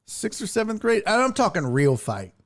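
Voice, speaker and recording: A man's voice: high voice, normal speed. A man hosting a casual sports talk livestream, telling stories with lots of swearing and reading viewer chat aloud into a desk mic. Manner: profane, animated storytelling, reads chat aloud. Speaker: sports talk show host. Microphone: headphones and desk mic.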